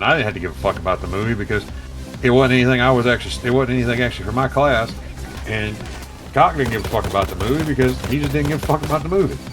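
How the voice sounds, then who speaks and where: A man telling a profane story casually while streaming a game, acting out the voices of the people he quotes. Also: medium pitch. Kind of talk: casual storytelling over gameplay. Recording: loud background music.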